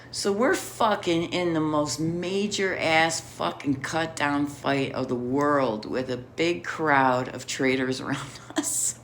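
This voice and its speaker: A woman's voice: low-pitched, fairly bright tone, a little hiss or hum. A middle-aged woman telling a rambling personal story in a casual, profane way, laughing often. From Chicago area.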